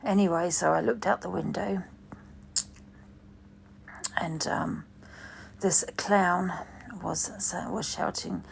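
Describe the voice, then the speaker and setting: A woman chatting casually on a livestream, rambling and swearing as she goes. Her voice is deeply gravelly and fairly low, and she takes her time with each phrase. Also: fairly even intonation, slow pace, long pauses, slight background noise. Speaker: livestream host. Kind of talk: casual chat.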